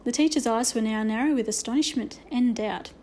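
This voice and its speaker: Storybook reader: woman, fairly high voice, expressive delivery with occasional slips. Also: fairly quick, slight background noise. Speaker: narrator. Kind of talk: storybook reading.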